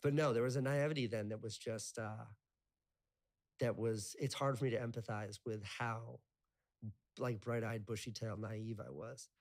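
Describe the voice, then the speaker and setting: A man's voice: lowish voice, fairly even intonation, moderate pace. Rambling, casual man in his thirties. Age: 30s. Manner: rambling, full of "like" fillers, swears casually. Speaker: interview guest. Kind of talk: casual storytelling.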